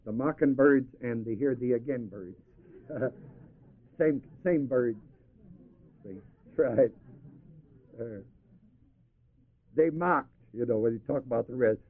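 A man's voice: medium pitch, animated, unhurried, long pauses, breathy edge. A man preaching a sermon who often chuckles and has listeners finish the verses he quotes. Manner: asks the audience to finish verses. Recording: tinny lo-fi tape recording.

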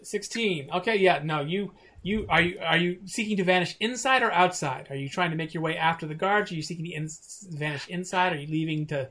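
A man's voice: sits high, a little fast, few pauses, pushed and bright. A man narrating a tabletop game as game master, rambling with many restarts.

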